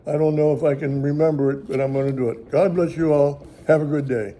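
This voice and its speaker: Older male ministry host, folksy rambling storyteller, higher-pitched, very dark tone. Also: fairly even intonation, fairly quick. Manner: rambling, chuckling, folksy grammar. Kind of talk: casual storytelling.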